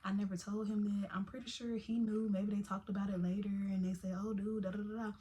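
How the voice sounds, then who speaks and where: A young woman telling a personal story in a casual, animated vlog style, full of slang and asides. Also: medium pitch, quick pace. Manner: chatty, animated, Southern-tinged slang like "baby" and "y'all".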